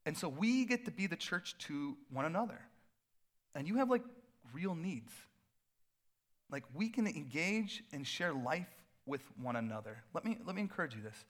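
Male pastor, middle-aged, a bit high-voiced, loose and playful delivery from the pulpit. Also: moderate pace. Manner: casual, animated preaching with playful asides. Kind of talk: sermon.

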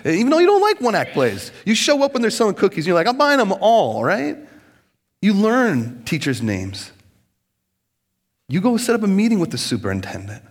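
A male pastor delivers a sermon with a husky, slightly raised voice. His pitch swoops widely as he acts out quoted voices in an animated, conversational way. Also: fairly quick. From United States.

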